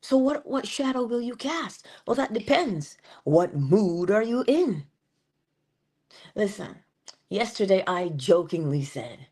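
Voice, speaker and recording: A woman giving a morning motivational talk, dropping at times into a soft whisper and drawing out key phrases slowly. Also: on the low side, animated, husky. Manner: shifts between full voice and soft unvoiced whisper; drawn-out, emphatic delivery with slowed phrases. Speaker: inspirational speaker.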